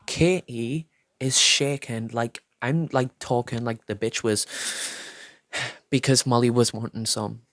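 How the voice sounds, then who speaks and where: A man's voice: mid-range voice, no room sound. A young man telling a storytime tale in a sassy, dramatic way, swearing freely. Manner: fast, lively gossip delivery. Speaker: storytime vlogger. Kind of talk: storytime retelling.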